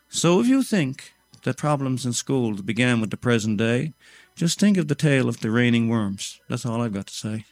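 Older storyteller, rhymed recitation, mid-range voice. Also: male voice, medium pitch, darkish tone. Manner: rhythmic, rhyming recitation. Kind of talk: recited rhyming tale.

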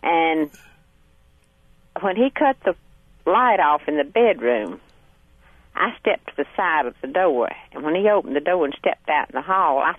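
A woman's voice: low-pitched, animated, measured pace, long pauses, no echo. An older woman, calling in to a radio show and telling a story in a chatty way, laughing often. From Hartwell, Georgia, USA. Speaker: radio caller. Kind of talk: casual storytelling on a call-in show. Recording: tinny phone line.

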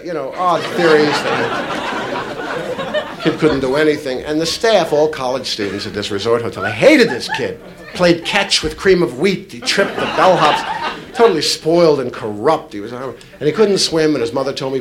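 A man doing a stand-up comedy routine, telling stories in a lively way and breaking into sudden shouted impressions. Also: medium pitch, brisk, a faint crowd. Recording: noisy live club with audience laughter. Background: audience laughter.

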